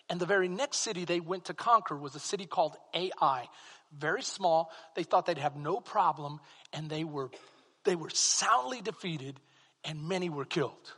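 A man with a Texan accent preaching a sermon as pastor, swinging from quiet asides to fervent exclamations. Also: sits high, lively intonation, normal speed, long pauses, husky, big-room sound.

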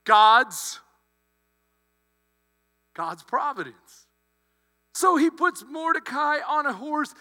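Animated high-voiced pastor preaching. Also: male voice. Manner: animated, acts out characters' lines. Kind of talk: sermon storytelling. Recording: long hall reverb with mains hum.

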